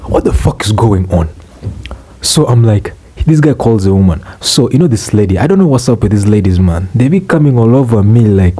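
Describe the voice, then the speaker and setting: A young man ranting in a profane, exasperated comic vlog, swearing and bursting out loudly. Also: lowish voice, animated, fairly quick. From Uganda. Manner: exasperated, swearing, loud outbursts. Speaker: vlogger.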